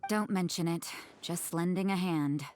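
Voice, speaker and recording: A woman's voice: fairly low pitch, a little slow, a little mellow, slight background noise, natural voice. A woman voicing a cool, aloof church sister. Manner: curt, aloof. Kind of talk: game voice acting.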